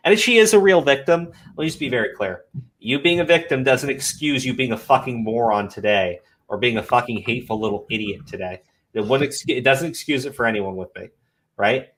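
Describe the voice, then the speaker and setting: A man ranting in heated commentary chat, swearing often and mocking critics in high whiny voices. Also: a little fast, a bit bright. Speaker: commentary podcast co-host.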